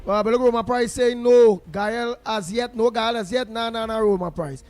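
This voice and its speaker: A man's voice: extremely high pitch, fairly even intonation, moderate pace, music in the background. A man with a Trinidadian accent hosting a talk show, chatting in creole phrasing and rattling off listeners' names to greet them. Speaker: radio talk show host. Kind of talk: casual on-air chat greeting listeners.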